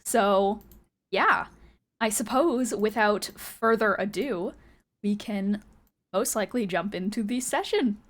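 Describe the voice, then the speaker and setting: A woman game master with a voice of ordinary middle pitch for a woman. She recaps the story in a loose, giggly way and swears freely, then settles into describing scenes for her players. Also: lively intonation, a little slow.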